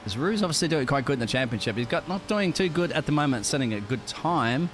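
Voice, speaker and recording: A man's voice: mid-range voice, animated, fast talker, a little hiss or hum. A man doing live sim racing commentary in a conversational way, talking directly to viewers.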